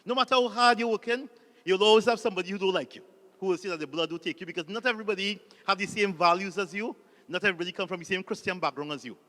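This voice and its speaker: A Trinidadian man, a Catholic priest, gives a light-hearted talk that is built on anecdotes and drawn-out punchlines. His voice sits high, and he keeps asking the crowd to repeat lines back to him. The sound carries a long reverb from a large hall. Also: sharp tone. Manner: jokey storyteller, calls on the audience to repeat lines. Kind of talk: humorous motivational talk.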